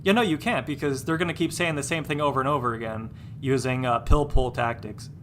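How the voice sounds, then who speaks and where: Man streaming a game, bright tense voice, casual rambling chat, stumbling restarts, exasperated, faint background noise. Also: medium pitch, fairly quick. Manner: rambling, repeats words and restarts often; exasperated, dismissive.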